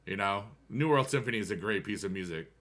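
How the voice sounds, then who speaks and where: Talking fast with lively intonation, this streamer chats to his viewers during a gaming session, drifting between subjects and breaking into the occasional hummed tune. His voice is lowish and a bit bright.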